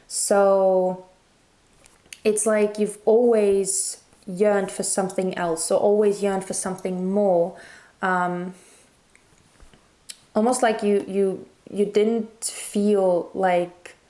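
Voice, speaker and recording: A woman's voice: mid-range voice, darkish tone. A woman giving a casual spoken tarot reading, musing and hesitant with many fillers and restarts, her throat a little strained. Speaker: tarot reader.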